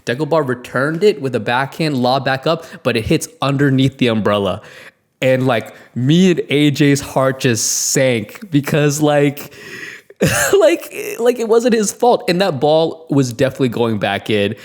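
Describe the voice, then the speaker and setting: This man co-hosts a podcast, relating a story in laid-back chat. His voice is medium-pitched at normal speed, and he's lively and laughing, imitating the voices of the story's characters.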